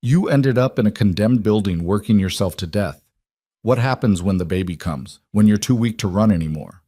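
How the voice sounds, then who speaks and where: A possessive, intense young mafia boss giving orders with controlled force, as a man reads him. His low voice is dry and close. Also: animated, moderate pace, mellow, no room sound. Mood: commanding. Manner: intense, commanding.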